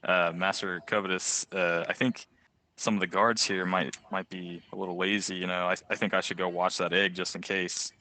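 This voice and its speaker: A man joins a tabletop game in an offhand, joking way. His voice is very deep, with a bright, forceful edge to it. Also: little pitch movement, normal speed. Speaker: player. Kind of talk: casual tabletop play.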